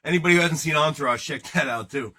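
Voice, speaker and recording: A man's voice: fairly high pitch, fast, pushed and bright. A man hosting a card-breaking livestream, rambling and joking casually with his viewers in chat.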